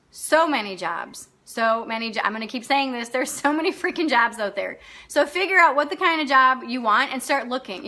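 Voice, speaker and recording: Blunt, high-voiced woman coach. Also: pushed and bright. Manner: blunt and outspoken, swears freely, laughs often. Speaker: life coach hosting a live class. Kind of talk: unscripted live-stream talk answering viewer comments.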